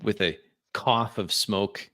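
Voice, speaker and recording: A man's voice: fairly low pitch, slow, sharp tone. A man narrating as a tabletop game master, in a loose way full of fillers and restarts.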